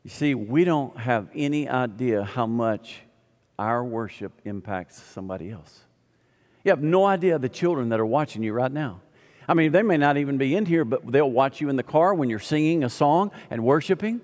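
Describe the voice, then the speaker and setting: A man's voice: medium pitch, expressive, normal speed, a little mellow, long reverb tail. A man preaching a sermon, telling a story and acting out both sides of the conversation. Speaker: pastor.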